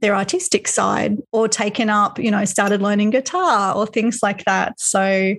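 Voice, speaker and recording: Chatty woman at a middle pitch. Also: measured pace. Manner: chatty, relaxed, storytelling. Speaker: astrology podcast host. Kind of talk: casual conversation.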